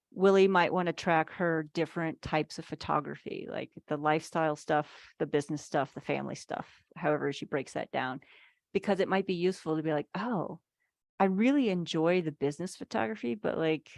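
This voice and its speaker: A woman with a low, gravelly voice leads a relaxed online workshop for business owners. She talks in a chatty, easygoing way, full of "like"s and little acted-out asides. Her voice sounds dry and close over a video call, with no room echo. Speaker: financial speaker. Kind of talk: casual workshop teaching.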